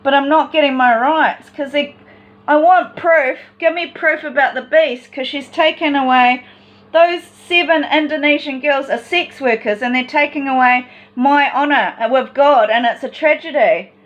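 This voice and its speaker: A woman's voice: high-pitched, unhurried, lo-fi sound. A woman in a personal vlog monologue, talking in an agitated, rambling and distressed way.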